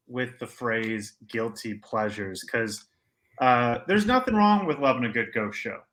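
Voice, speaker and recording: Male podcast co-host, bright and forceful tone, animated storyteller, opinionated banter. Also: mid-range voice, measured pace. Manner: animated storyteller acting out quotes; joking, opinionated. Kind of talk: casual podcast chat.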